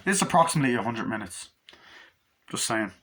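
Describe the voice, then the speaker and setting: Bright-voiced young guy reviewing a movie. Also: medium pitch, very animated, fast, a little hiss or hum. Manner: profane, rambling plot retelling. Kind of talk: casual movie review vlog.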